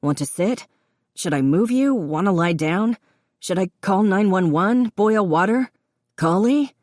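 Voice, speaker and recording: A woman's voice: low-pitched, expressive, dark tone, dry recording, studio quality. Woman voicing a flustered protective brother. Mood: panicked. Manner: rushed, anxious questions.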